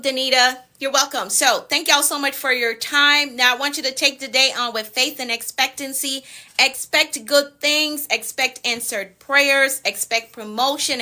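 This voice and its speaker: Jamaican woman, productivity coach on a live stream, bright voice, steady declarative delivery, greets viewers by name. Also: medium pitch. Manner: repeats phrases for emphasis, chats with viewers by name; recites declarations in a steady repeated pattern. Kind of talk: live-stream motivational talk with spoken decrees.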